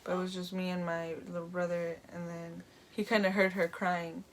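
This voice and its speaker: A woman's voice: lowish voice, level tone, normal speed, a little hiss or hum. A young woman vlogger casually telling a personal story, rambling with lots of "like" and "um". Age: young adult. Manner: rambling, full of "like" and "um".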